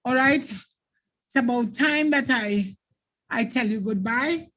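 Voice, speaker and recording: A woman's voice: fairly high pitch, slow pace, a bit bright. A Jamaican woman teacher running a live online exam-prep lesson, explaining patiently and thanking viewers by name.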